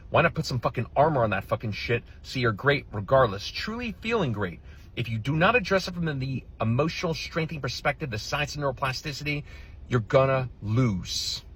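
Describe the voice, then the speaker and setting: A man's voice: mid-range voice, a bit bright, slightly rough. A male relationship coach reacting to another video in a blunt, heated, profane rant. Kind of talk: reaction commentary.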